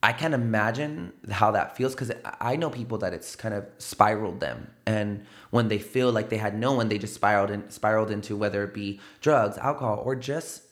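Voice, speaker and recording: A man's voice: fairly low pitch, brisk, few pauses. A man in his thirties from San Antonio, a realtor telling candid stories as a podcast guest and acting out the dialogue. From San Antonio, Texas. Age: 30s. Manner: animated storyteller, acts out quoted dialogue, many fillers. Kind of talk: candid interview conversation. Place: podcast studio.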